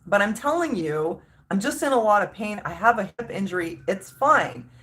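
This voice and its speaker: Woman vlogger, mid-pitched, exasperated casual rant with emphatic stress. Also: animated, moderate pace, a bit bright. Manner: exasperated, emphatic, many restarts.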